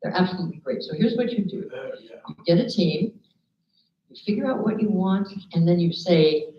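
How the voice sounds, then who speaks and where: A woman giving a motivational talk to an audience, telling lively stories and acting out the people in them. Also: lowish voice, normal speed. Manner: lively storyteller, acts out quoted people. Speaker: motivational speaker. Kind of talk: live talk to an audience with slides. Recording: echoey room, dull lo-fi sound.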